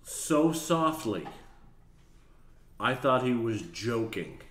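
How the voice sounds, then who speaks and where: A man's voice: mid-range voice, very slow, reverberant. A man telling a funny story, acting out the voices of the people in it. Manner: animated, acts out voices and laughs while telling. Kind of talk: casual storytelling.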